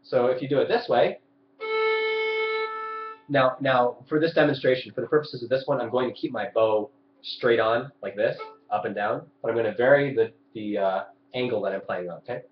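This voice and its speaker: A man's voice: medium pitch, normal speed, soft background music. A young man teaching a live violin lesson over his webcam mic. He explains, demonstrates and asks his viewers questions. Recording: roomy, dull webcam audio.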